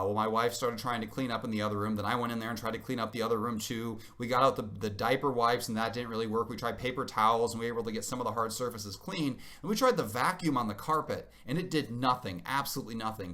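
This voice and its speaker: A man's voice: medium pitch, fast, few pauses, sharp tone. A man in his thirties telling a funny family story to camera in a wry, self-mocking, exaggerating way. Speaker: parent vlogger.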